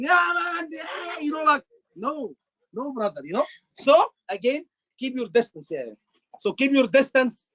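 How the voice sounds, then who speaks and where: A man teaching an exam class live, animated and repetitive, acting out doctor lines for his students. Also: very high-pitched. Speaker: exam tutor. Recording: muffled lo-fi class recording.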